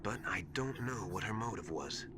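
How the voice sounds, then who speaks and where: An actor playing a calm male military advisor on a radio link in a video game, measured and thoughtful. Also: lowish voice, crowd noise, close to an everyday voice. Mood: doubtful.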